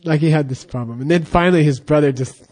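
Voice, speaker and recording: A male Buddhist monk telling a teaching story in a loose, rambling way, full of fillers and restarts. His voice sits a bit high for a man, and he chats more than he preaches. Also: a little mellow. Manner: rambling, halting, with fillers and laughs.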